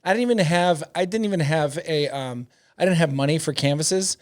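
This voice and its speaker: A man's voice: fairly high pitch, brisk. A middle-aged man, a comedian guest telling rambling, profane stories in a casual interview, laughing often.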